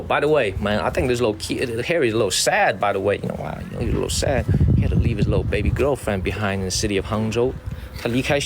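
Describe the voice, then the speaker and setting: Excitable streamer man, street livestream. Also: medium pitch, background noise. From Chicago, USA. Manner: excitable, repetitive, tacks "man" onto sentences. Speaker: livestream host. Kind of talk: casual walking livestream. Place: outdoors on city streets.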